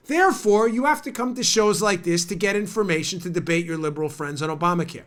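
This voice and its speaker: A man's voice: sits high, a little fast, few pauses, fairly bright tone. A man hosting a political talk show, ranting sarcastically and a little stuffed up from a cold. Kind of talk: opinionated talk show monologue.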